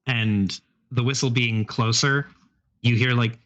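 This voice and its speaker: Male game master, mid-pitch, rambling scene-setter, muffled stream mic. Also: fairly even intonation, slow pace, a bit bright. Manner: rambling, hedging descriptions with many fillers. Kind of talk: narrating a tabletop game. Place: live stream.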